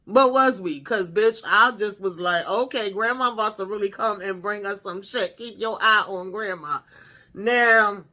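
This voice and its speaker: A woman hosting a casual reality TV episode recap, talking in an animated, profane, exclamatory way. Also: mid-range voice, a little slow.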